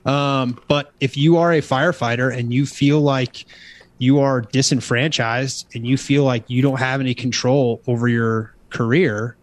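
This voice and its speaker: A man's voice: mid-range voice, fairly even intonation, measured pace. Fired-up motivational man. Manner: motivational, preachy. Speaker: guest author. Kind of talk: casual interview chat.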